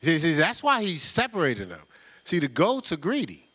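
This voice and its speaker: A man preaching a sermon in a loose, conversational way, full of rhetorical questions and quick laughs. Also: a little high, huge pitch swings, pushed and bright, slightly rough. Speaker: pastor.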